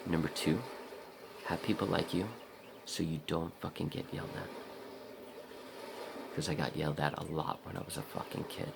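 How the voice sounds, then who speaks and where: Gravelly, very low-voiced profane man. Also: moderate pace, long pauses, very noisy. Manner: profane, blunt, talks straight to the viewer; acts out his own inner voice in a higher, louder pitch. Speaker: vlogger. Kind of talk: casual rambling vlog monologue.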